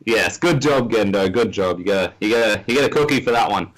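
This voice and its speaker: A man co-hosting a casual comedy chat, trading dry teasing remarks. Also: lowish voice. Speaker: podcast co-host.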